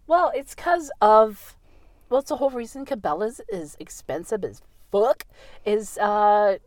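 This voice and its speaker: A woman's voice: mid-range voice, unhurried, a little mellow, no room sound. A young Canadian woman co-hosting a casual chat podcast, blunt, sarcastic and full of swearing. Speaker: podcast co-host.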